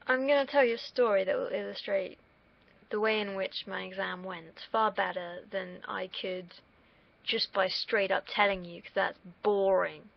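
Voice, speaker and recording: On her livestream, a young British woman talks at normal speed in a steady, gravelly, medium-pitched voice, rambling casually, drifting off topic and swearing at times. It's recorded on a dull lo-fi stream mic.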